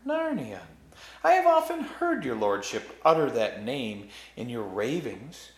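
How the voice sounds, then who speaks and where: A man voicing a scheming witch queen in a soft, soothing, musical way, read aloud in a roomy space. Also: mid-range voice, wildly swooping pitch, a little slow. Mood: sweetly mocking. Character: sweet-voiced scheming witch queen, woman.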